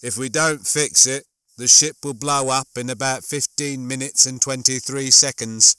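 A man voicing a panicky male ship's computer, calling out an emergency loudly and urgently. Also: medium pitch, steady tone, normal speed, clear, resonant tone, no room sound, close to an everyday voice. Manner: loud, urgent announcing.

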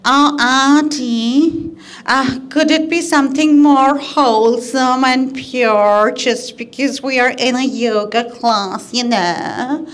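A woman's voice: high voice, slow pace, low-quality recording. A woman voicing an earnest, prim young yoga student who talks hesitantly, in stand-up comedy.

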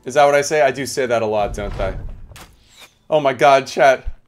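A man's voice: mid-range voice, normal speed, faint music behind. A young man giving chatty live game commentary, talking to his chat as he plays. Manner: chatty, animated, talks to chat. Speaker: streamer.

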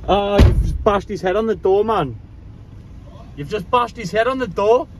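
A man's voice: sits high, lively intonation, moderate pace, faint music behind. A man walking his dog outdoors on a coastline, chatting casually and coaxing the dog in a sing-song voice, swearing freely.

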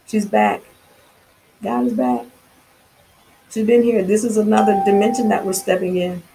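A woman speaks to her viewers in a fervent, preachy spiritual monologue. Her voice sits at a middle pitch, and her talk is loose and slangy, full of restarts. It feels like a self-recorded vlog message. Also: very animated, moderate pace, warm tone, a little hiss or hum, rough recording. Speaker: spiritual vlogger.

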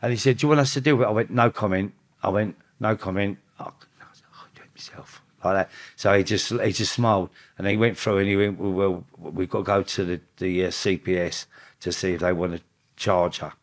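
Low-voiced man telling stories. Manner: swearing, quotes others in rapid back-and-forth; animated, rising in pitch when quoting. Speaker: podcast guest. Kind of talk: casual storytelling.

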